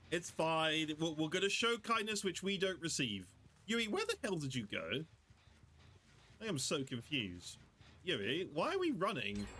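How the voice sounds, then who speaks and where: A British man streaming a game, chatting casually and joking, often jumping up into high squeals. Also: pushed and bright, a little hiss or hum. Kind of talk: casual gameplay commentary.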